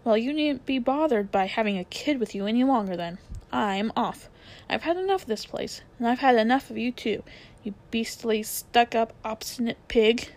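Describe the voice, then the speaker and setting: A woman voicing an indignant, quick-tempered young girl in a storybook reading, with sharp, cross retorts. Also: on the high side, close to an everyday voice. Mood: furious.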